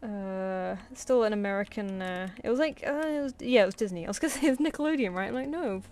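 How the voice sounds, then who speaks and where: A woman's voice: mid-range voice, animated, quick pace, darkish tone, clean tone, soft background music. A woman chatting casually with viewers while she draws on a live stream, rambling and laughing easily. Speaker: streaming artist. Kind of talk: casual chat while drawing.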